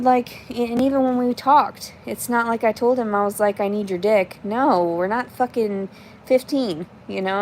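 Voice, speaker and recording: A woman in her thirties talks on a casual livestream at an ordinary middle pitch. She speaks bluntly and curses freely, rambling as she answers her chat. Faint noise hums behind her. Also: darkish tone.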